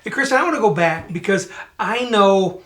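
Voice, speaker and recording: Middle-aged man, podcast co-host, earnest and conversational, slips into animated quoted voices. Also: sits high, a little fast. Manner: earnest, storytelling, animated quoting. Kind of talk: casual chat.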